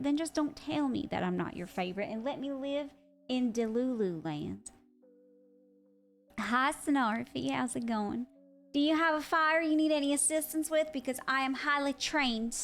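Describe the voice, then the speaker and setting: A young woman streaming live and chatting casually, excitable and quick to swear. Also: high voice. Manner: excitable, swears freely, loud outbursts. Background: faint music.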